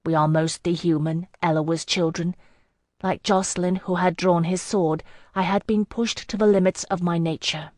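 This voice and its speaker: A woman narrates a fantasy novel in the first person, measured and even. Her voice sits on the low side for a woman. The sound is dry and close, as from a booth mic. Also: dry recording. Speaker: audiobook narrator. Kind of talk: scripted narration.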